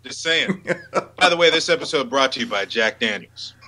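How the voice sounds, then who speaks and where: A man's voice: mid-range voice, expressive, normal speed. A man co-hosting a casual TV recap chat, joking and playful. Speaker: podcast co-host. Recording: noisy recording with clicks.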